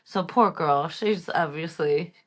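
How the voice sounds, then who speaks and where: A woman's voice: deep voice, slow pace. A woman co-hosting a casual reality TV recap podcast, with dry, sarcastic asides. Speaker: podcast co-host.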